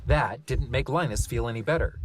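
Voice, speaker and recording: A reader calmly narrating a novel as an audiobook, with expressive storytelling. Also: mid-range voice, brisk, noisy background.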